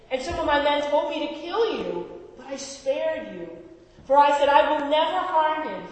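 A woman's voice: high voice, voice pushed up. A woman reading aloud the lines of a young male warrior who pleads his innocence to a king, in an earnest, raised voice. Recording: echoey hall reverb.

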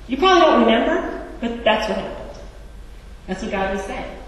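Brief: woman preacher, chatty and wry, fairly high voice, heard from afar in a long-reverb church hall. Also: lively intonation, normal speed. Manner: conversational and wry, with asides to the congregation. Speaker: pastor. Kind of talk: sermon. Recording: echoey church hall, distant mic.

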